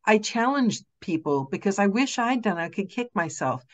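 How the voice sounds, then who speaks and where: A woman's voice: medium pitch, very animated, moderate pace. A woman hosting an interview with a fellow narrator, talking in a chatty, eager way and sharing her own experiences. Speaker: podcast host and narrator. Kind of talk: interview conversation.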